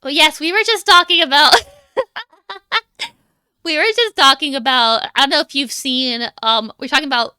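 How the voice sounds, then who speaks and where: A woman's voice: sits high, moderate pace, long pauses, pushed and bright, dry recording, clean studio sound. A young adult woman streaming as a VTuber, chatting casually and animatedly and laughing often.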